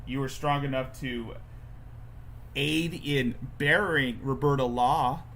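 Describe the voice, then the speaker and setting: A man's voice: medium pitch, a bit bright, slight background noise. A man giving sarcastic, mocking commentary over a played clip on his livestream. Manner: sarcastic, slow, drawn-out.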